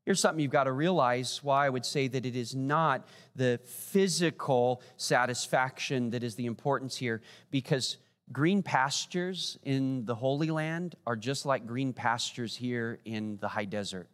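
A man preaching a sermon as pastor, animated and rising high for emphasis. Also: unhurried. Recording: long church hall reverb.

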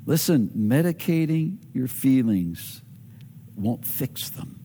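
A man preaching a sermon as pastor, animated, acting out quoted voices with big swings in pitch. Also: a little slow, in a large hall.

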